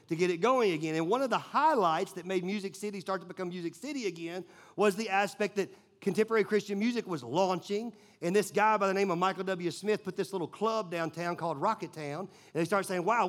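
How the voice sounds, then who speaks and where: A man from Tennessee with a Southern accent, a pastor telling a sermon story, swinging between loud bursts and hushed moments. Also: sits high. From Nashville, Tennessee, US. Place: church.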